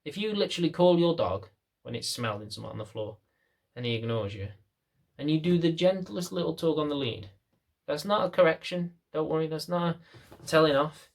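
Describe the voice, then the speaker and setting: A man's voice: on the high side, expressive, a little fast, vocal fry. A man working as a dog trainer, explaining to camera in a chatty way, repeating phrases and acting out little scenes. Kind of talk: casual explainer talk to camera.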